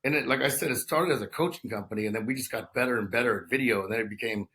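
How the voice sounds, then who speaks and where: A man's voice: medium pitch, rapid-fire, pushed and bright. A man in his fifties from Texas, a guest telling his story in a conversational interview, talking in long runs with many restarts and "you know" fillers. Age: 50s.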